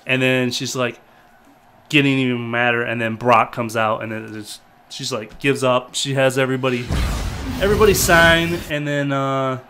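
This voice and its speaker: A man talking casually as a co-host, retelling a show in a loose, rambling way. He hesitates often, with fillers and self-corrections, at an ordinary middle pitch. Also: fairly even intonation, normal speed, pushed and bright, slight background noise. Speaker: podcast co-host. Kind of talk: casual review chat.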